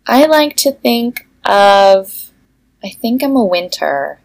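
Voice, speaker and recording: A woman's voice: mid-range voice, very animated, slow pace, creaky. A woman co-hosting a podcast, chatting casually and reading silly fan fiction aloud, laughing often. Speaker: podcast co-host.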